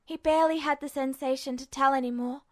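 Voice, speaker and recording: Brief: woman podfic narrator, bright high register, emotional delivery, close dry recording. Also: steady tone, quick pace, no room sound. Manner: tense, emotional storytelling. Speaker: podfic reader. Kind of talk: scripted narration of fanfiction.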